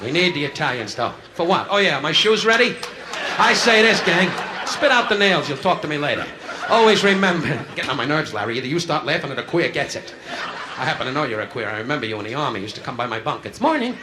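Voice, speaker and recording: A male stand-up comedian doing insult comedy, firing brash, rapid jabs at audience members from a nightclub stage. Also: fairly high pitch, sing-song. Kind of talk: insult comedy crowd work. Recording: live club recording, loud laughter, hiss.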